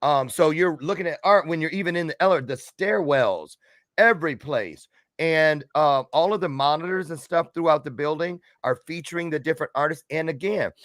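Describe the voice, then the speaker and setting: A man's voice: a little high, a bit bright, no echo, studio quality. A man hosting a podcast interview, talking casually and thinking aloud as he reflects. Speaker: podcast host.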